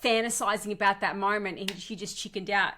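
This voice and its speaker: A woman's voice: mid-range voice, steady tone, a little fast, pushed and bright, slight background noise. A woman co-hosting a podcast who chats casually and earnestly, sometimes trailing off. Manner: reacting, earnest, rambling. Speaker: podcast co-host. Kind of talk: casual chat.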